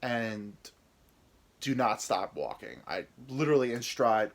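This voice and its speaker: A man's voice: medium pitch, sing-song, measured pace. A young American man spins a long comic anecdote on his podcast, rambling and cheerfully profane, laughing at himself as he goes. He has an ordinary mid-range voice and talks like he is chatting with a friend. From United States. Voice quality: rambling, profane, self-mocking. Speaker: podcast host. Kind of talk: casual comedic storytelling.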